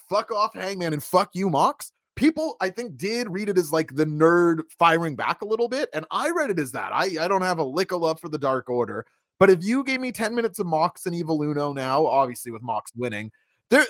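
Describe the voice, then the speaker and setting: A man with a fairly high voice that swings up and down a lot, chatting about wrestling. He rambles and corrects himself mid-sentence. The recording is dry and close. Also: sing-song, brisk, a bit bright, no room sound. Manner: rambling, self-correcting, laughs often. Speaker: wrestling podcast co-host. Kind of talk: casual recap chat.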